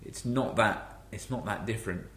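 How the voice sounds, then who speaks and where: A man's voice: on the low side, moderate pace, fairly bright tone, reverberant, a little hiss or hum. An English man hosting a casual chat, rambling with many restarts. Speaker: podcast host.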